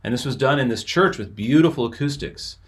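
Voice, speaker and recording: A man's voice: mid-range voice, lively intonation, fairly quick, breathy edge. A man hosting, casually explaining a music arrangement with enthusiasm as it plays. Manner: explanatory, enthusiastic, talks over playing music. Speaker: host and musician.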